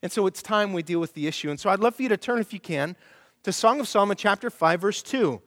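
A middle-aged male pastor preaching a sermon, animated and storytelling, acting out quoted voices. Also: high-pitched, fast talker, long reverb tail.

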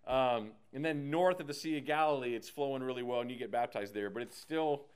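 A man leading a casual Bible study, animated and slangy, acting out the characters as he teaches. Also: mid-range voice, a little fast, clean tone. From United States.

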